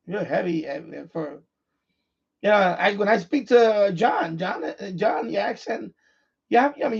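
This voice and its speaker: Man, radio stream host, casual rambling chat, husky, muffled lo-fi sound. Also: high voice. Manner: repetitive, restarts sentences often. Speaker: livestream host, amateur radio operator.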